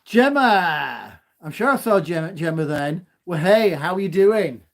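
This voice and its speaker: A man chatting loudly and cheerfully on a live stream from home into his phone, laughing often. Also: sits high, animated, a little slow, creaky. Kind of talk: casual live stream chat.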